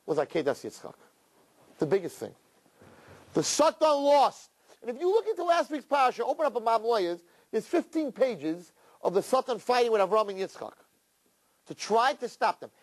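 A male rabbi giving a sermon on scripture, telling it as a story with many rhetorical questions. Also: sits high.

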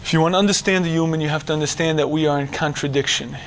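Animated high-voiced man preaching. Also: racing, a little hiss or hum. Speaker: religious teacher. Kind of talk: lecture to a men's audience.

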